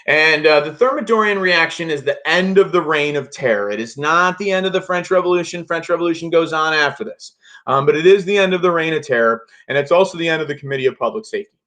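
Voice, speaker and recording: A man with a voice on the high side, fast, pushed and bright, teaches students a casual history review lesson. He talks loosely, with plenty of fillers and restarts.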